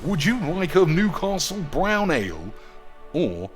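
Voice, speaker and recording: A man's voice: fairly high pitch, big pitch swings, measured pace, faint music behind, pitched above the performer's own voice. A man putting on a brash Geordie accent as a crude local lad. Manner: brash, leering.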